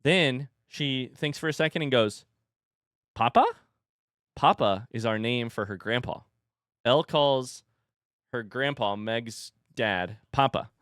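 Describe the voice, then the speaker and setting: A man streaming from home, chatting casually and telling an animated story between laughs. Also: medium pitch, unhurried, clear, resonant tone, dry recording, studio quality. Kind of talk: casual chat. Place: home room with a standing desk.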